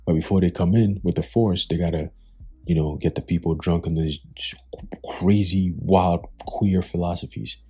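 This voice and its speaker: Male commentator, dark husky voice, scornful and preachy. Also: sits low, steady tone, normal speed. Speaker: religious commentator.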